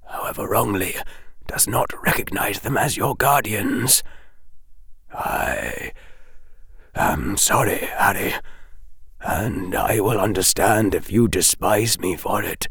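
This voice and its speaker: A man voicing a stern, sad old male wizard headmaster who speaks in hushed, half-whispered tones. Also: on the low side, husky, no echo, clean studio sound, full character voice. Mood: sorrowful.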